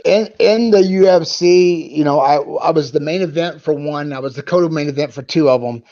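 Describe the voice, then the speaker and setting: Ex-fighter guest, middle-aged man, fillers and restarts, slightly higher voice, muffled lo-fi sound. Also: normal speed, mellow. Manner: rambling, many restarts and fillers. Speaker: guest, former pro fighter. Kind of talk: casual conversation. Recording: dull lo-fi sound.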